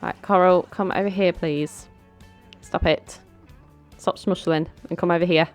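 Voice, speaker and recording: A young woman with a fairly low, fairly even voice chats at a measured pace as a let's play host in a life-sim game. She bosses her characters around and giggles through the casual commentary, with faint music in the background.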